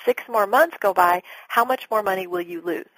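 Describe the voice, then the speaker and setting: A middle-aged woman, a business coach being interviewed, talking in an animated way and acting out her sales calls. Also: medium pitch, moderate pace, breathy edge, dry recording, poor audio. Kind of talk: podcast interview talk.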